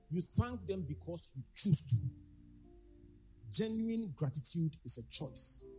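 A man's voice: high-pitched, rough recording. A man preaching a sermon with emphatic delivery, repeating his key phrases for the congregation.

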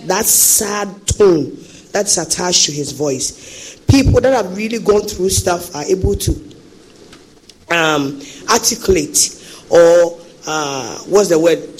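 A woman's voice: fairly low pitch, animated, takes it slowly, a little hiss or hum, rough recording. A woman, judging a talent show, giving frank and teasing feedback and advice. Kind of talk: live judge feedback.

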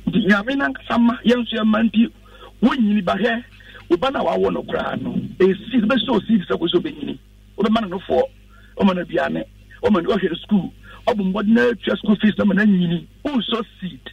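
A man, a pastor on the radio, speaks in an earnest, instructive preaching manner. His voice sits high and carries a gravelly edge. The sound is dry and dull, picked up from some distance off the mic. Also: brisk, a little mellow, no room sound. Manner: earnest, instructive, quotes scripture. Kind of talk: preaching-style radio talk.

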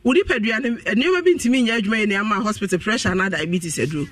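A high-voiced man rattles off health advice at a quick clip on a radio talk show. He sounds set back from the microphone, earnest and explanatory as he walks listeners through what to do. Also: fairly bright tone. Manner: rapid, earnest explaining and advising. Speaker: health practitioner guest on radio. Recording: voice distant from the microphone.

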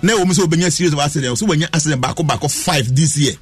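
A man's voice: fairly high pitch, racing, faint music behind. A man with a Ghanaian accent telling stories on a radio talk show, mixing Twi and English animatedly. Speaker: astrologer guest.

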